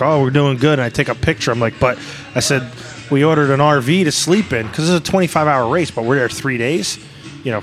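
A man co-hosting a casual podcast from a pub booth, rambling through stories and quoting people in animated voices. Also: mid-range voice. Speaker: podcast co-host. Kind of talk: casual chat.

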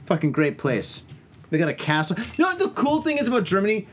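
A man's voice: high voice, wildly swooping pitch, fast talker, a little hiss or hum. A man hosting a casual drinking podcast, telling crude, rambling stories with lots of swearing. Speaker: podcast host. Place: home, indoors.

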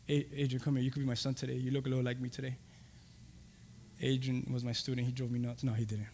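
A man preaching a sermon as pastor, swinging from loud, shouted lines to hushed whispers. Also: medium pitch, level tone, fast, slight background noise. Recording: long hall reverb.

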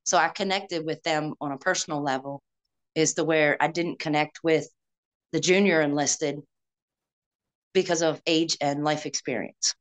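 A woman's voice: deep voice, steady tone, moderate pace. A woman, an Army veteran, telling her story in an earnest, reflective way during a casual interview.

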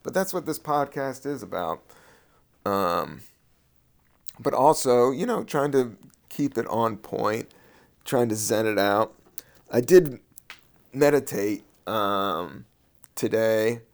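A man hosting his own podcast as a comedian, talking in a loose, meandering way with casual swearing, a little high. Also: lively intonation, slow pace, gravelly, pauses often. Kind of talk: casual rambling podcast monologue.

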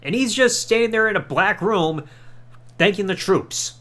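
Dude hosting a podcast, kinda high voice, sarcastic and swears a lot. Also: male voice, lively intonation, normal speed, bright, forceful tone. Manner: sarcastic, mocking, swears casually. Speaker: podcast host. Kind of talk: casual podcast review.

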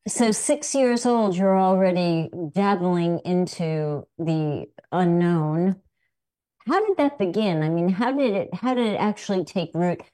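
A woman's voice: on the low side, expressive, unhurried, mellow. A woman co-hosting an interview, encouraging the guest with many affirmations. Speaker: co-host.

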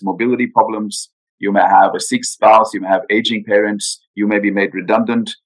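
In a podcast interview, a guest financial adviser with a fairly low-pitched voice talks about retirement planning on a low-quality recording. He is earnest and emphatic, often posing rhetorical questions.

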